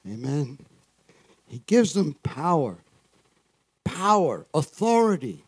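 A man's voice: fairly high pitch, big pitch swings, slow pace, breathy edge, no room sound. A man preaching a sermon as pastor, often asking the congregation "Amen?" and chuckling between points. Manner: call-and-response, frequent "Amen?" and chuckles.

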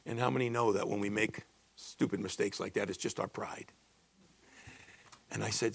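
A man in his sixties preaching a sermon, building to emphatic peaks and dropping low and confiding when he tells stories. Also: steady tone, moderate pace, creaky, long pauses, breathy edge. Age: 60s. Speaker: pastor.

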